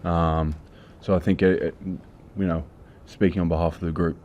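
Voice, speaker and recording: A man, a rugby player, answering in a measured way on behalf of his team. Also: sits low, level tone. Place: press conference room. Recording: dull lo-fi sound.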